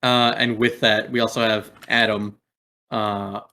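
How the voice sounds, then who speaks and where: A man's voice: on the low side, little pitch movement, unhurried, pushed and bright. A man narrating as game master in a casual way, full of fillers. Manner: casual, many fillers, swears.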